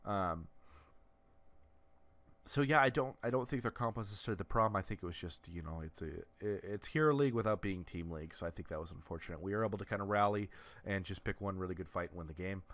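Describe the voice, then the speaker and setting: A man's voice: deep voice, fast talker, a bit bright, dry recording. A man giving casual, analytical commentary over video game footage, often restarting and filling with "uh.". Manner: analytical, lots of restarts and fillers. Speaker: gameplay commentator.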